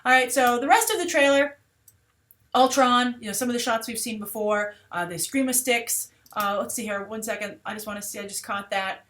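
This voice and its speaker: Woman host, casual trailer commentary, slightly high voice, chatty and animated, lots of fillers. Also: brisk. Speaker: host of a movie trailer review show.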